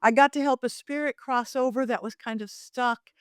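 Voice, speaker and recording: A woman's voice: a little high, moderate pace, no echo, clean studio sound. A middle-aged woman, a psychic medium guest, telling stories animatedly and acting out the voices in them. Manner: animated, acts out voices in her anecdotes. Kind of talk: lively storytelling interview.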